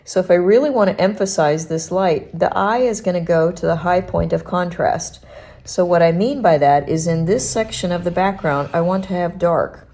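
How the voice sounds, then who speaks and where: Woman art instructor, low mellow voice, halting and thinking aloud during a demo. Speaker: art teacher demonstrating pastel painting. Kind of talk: unscripted painting demonstration.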